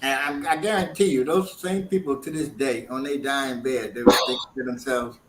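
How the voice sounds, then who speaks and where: A man's voice: medium pitch, steady tone, normal speed. A man co-hosting a casual podcast, trading laid-back jokes and banter. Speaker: podcast co-host. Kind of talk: casual chat. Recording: echoey room with faint noise.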